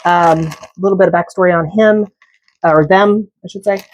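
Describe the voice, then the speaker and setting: A woman's voice: fairly low pitch, steady tone, moderate pace, slight background noise. A middle-aged woman chatting casually and telling jokey stories while she cooks. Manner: chatty storyteller, jokey asides. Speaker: cooking vlogger. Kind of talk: casual chat while cooking.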